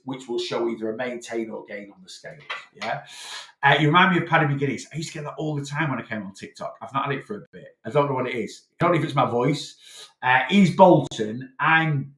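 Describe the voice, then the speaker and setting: A man's voice: medium pitch, expressive, a little fast. Lancashire man coaching in an echoey room. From Northwest England. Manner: explanatory, peppers talk with "right?". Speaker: weight loss coach. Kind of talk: live Q&A chat.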